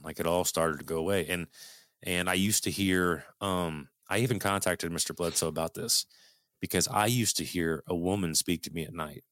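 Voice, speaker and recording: Deep-voiced middle-aged man telling a story. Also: fairly bright tone, no room sound, clean studio sound. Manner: earnest, swears freely, frequent restarts. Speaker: guest telling a personal story. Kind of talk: casual storytelling.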